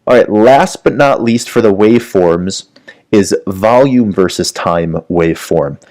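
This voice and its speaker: A man's voice: on the low side, a little slow, a little mellow. A man teaching a medical lecture, walking through diagrams and often checking in with "right?". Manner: explanatory, frequent "right?" check-ins. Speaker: medical educator. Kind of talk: whiteboard lecture.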